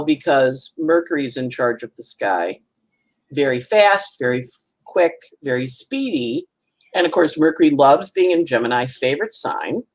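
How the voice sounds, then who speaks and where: A middle-aged woman with a husky, slightly breathy voice talks astrology in a relaxed podcast chat. Her pitch swings widely as she tells stories, acting out what others said and laughing often. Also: rough recording. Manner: animated storytelling, acts out quoted voices, laughs often. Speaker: astrologer guest.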